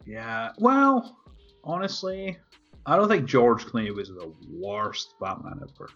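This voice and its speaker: A man's voice: sits high, big pitch swings, slow, creaky, a bit bright. A man in casual chat, laid-back and loose, swearing freely with lots of fillers. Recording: dull lo-fi with faint music.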